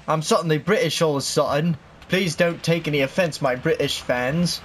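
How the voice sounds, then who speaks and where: A young man doing excitable, jokey let's-play commentary with loud outbursts. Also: on the high side, moderate pace, slight background noise. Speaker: gaming youtuber. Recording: commentary over game music.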